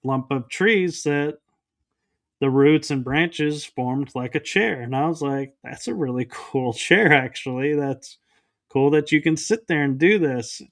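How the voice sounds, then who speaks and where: A man's voice: a little high, measured pace. A man, a podcast guest, recounting a personal experience in an interview and acting out the dialogue. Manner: storytelling that acts out quoted dialogue.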